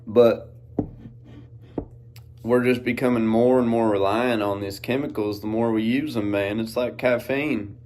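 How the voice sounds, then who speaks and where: A man's voice: medium pitch, fairly even intonation, measured pace, darkish tone, a little hiss or hum. A man hosting a podcast, talking in a laid-back, rambling way full of folksy slang. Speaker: podcast host. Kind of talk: casual monologue. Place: outdoors in farm fields.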